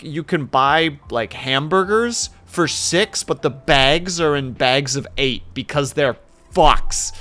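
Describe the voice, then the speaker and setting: A man streaming and telling stories in casual chat, animated and quick to swear. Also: fairly high pitch.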